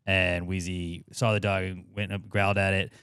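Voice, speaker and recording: A man in his thirties with a smooth, resonant voice rambles through a story on a podcast, swearing freely and leaning on filler words. The sound is dry and close, with no room around it. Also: low voice, little pitch movement, moderate pace, a bit bright, no room sound. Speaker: podcast co-host. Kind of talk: casual podcast chat.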